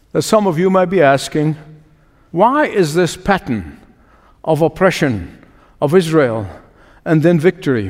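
A man preaching a sermon, slow and emphatic, asking rhetorical questions and quoting scripture. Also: a little high. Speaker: pastor. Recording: long hall reverb with faint music.

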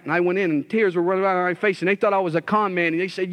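High-voiced man giving passionate testimony. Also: fairly even intonation, very fast, hardly any pauses. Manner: impassioned storytelling, rising loud when reliving scenes. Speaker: former addict giving testimony. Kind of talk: testimony sermon.

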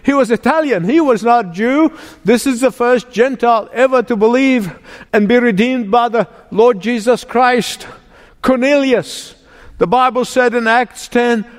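High-voiced man preaching in a hall. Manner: emphatic preaching with repeated words. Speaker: pastor. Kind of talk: sermon.

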